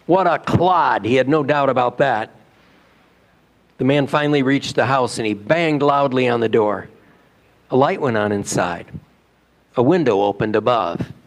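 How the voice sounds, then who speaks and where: A male pastor preaching a sermon in a church, telling a story in a conversational way with rhetorical questions. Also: mid-range voice. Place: church sanctuary.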